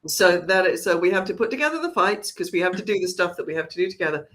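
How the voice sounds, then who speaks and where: A woman's voice: fairly low pitch, sing-song, fast talker, a bit bright. A woman who runs a theatre company, chatting casually through an announcement with lots of restarts. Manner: chatty, rambling, with frequent restarts. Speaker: artistic director of a theatre company.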